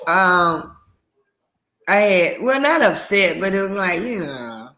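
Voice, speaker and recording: A woman's voice: on the low side, lively intonation, takes it slowly, bright, forceful tone. A woman chatting casually on a video call, rambling and laughing easily.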